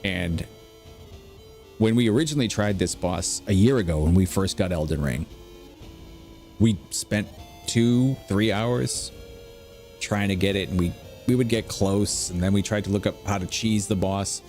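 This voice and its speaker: Speaking a little slowly and pausing often, a middle-aged gameplay streamer has a lowish, slightly mellow voice. He chats casually through rambling anecdotes with lots of fillers as faint music plays.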